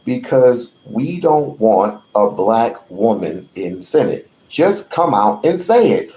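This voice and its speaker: A man hosting his channel, delivering a profane, repetitive rant that builds to shouting. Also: mid-range voice, sing-song, takes it slowly, few pauses. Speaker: channel host. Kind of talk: ranting commentary. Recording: roomy echo.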